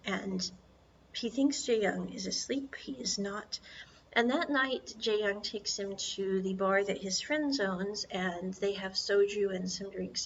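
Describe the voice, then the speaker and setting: A woman hosting a podcast, retelling a film's plot in a chatty, lively way with personal asides. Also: medium pitch, muffled recording, slight background noise. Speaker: podcast host. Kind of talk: casual film recap.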